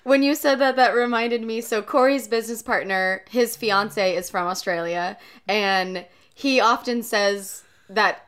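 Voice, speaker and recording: A woman's voice: mid-range voice, measured pace, fairly bright tone, clear, resonant tone. A young woman co-hosting a casual chat, telling stories and laughing often. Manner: chatty storyteller, laughs often.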